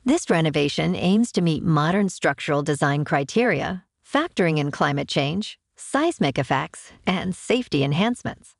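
A woman hosts a podcast in a low, slightly husky voice that moves lively through her range. She reads scripted news and signs off in an upbeat, chatty way. The sound is close and dry, with faint music under it. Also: normal speed, few pauses, no room sound. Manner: upbeat, chatty sign-offs. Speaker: podcast host.

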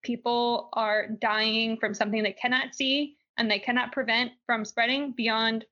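A young woman with a faint Southern accent chats through the week's news as a podcast co-host. Her voice sits a little high and sounds bright and forceful, opinionated and quick to laugh. The audio is dull and lo-fi. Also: fairly even intonation. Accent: slight Southern. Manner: chatty, laughs often, opinionated. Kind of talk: casual news chat.

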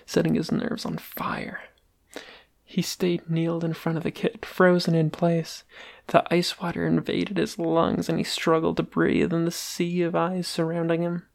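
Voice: medium pitch, completely flat delivery, unhurried, gravelly. An amateur reader narrating a fan story aloud, stumbling and restarting now and then.

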